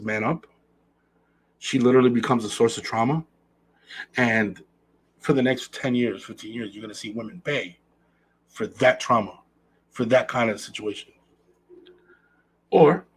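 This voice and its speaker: A man's voice: mid-range voice, breathy edge, low-quality recording. A man hosting a podcast, talking earnestly in a casual monologue and repeating phrases for emphasis. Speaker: podcast host.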